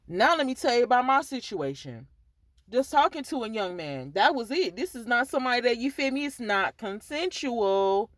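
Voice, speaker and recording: Her voice is a little high and a bit bright, with big pitch swings and a moderate pace, in a dry, close recording. She's a podcast host giving men dating advice in a candid, casual, conversational way, sprinkling in "you feel me" asides.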